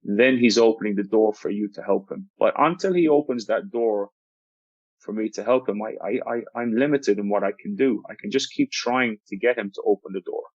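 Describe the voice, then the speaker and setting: A man with a fairly low voice tells a story from his work as a basketball coach. He talks earnestly and often restarts mid-phrase. The recording sounds dull and lo-fi in a dry, close space. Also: brisk, no echo. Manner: earnest, explanatory, frequent restarts and repeated words. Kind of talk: podcast interview, telling a coaching story.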